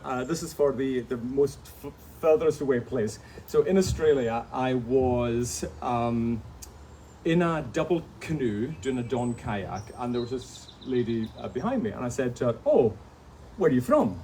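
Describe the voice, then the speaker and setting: A man's voice: medium pitch, darkish tone. A man from the Scottish Hebrides with a Hebridean Scottish accent, a guest author telling chatty stories at a live book event, laughing often. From Outer Hebrides, Scotland. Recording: noisy live event recording.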